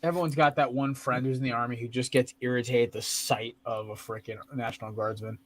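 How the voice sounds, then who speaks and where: A man's voice: medium pitch, fairly even intonation, fairly quick, fairly bright tone, slight background noise. A man hosting a sports podcast, casually picking games with profane, fired-up rants. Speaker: podcast host. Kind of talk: casual sports betting chat.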